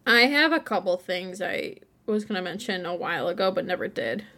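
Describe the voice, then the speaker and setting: Her voice sits lowish, pushed and bright, with lively intonation and a slightly fast pace. She's a young Buffalo, New York native co-hosting a podcast, chatty and laughing, restarting often.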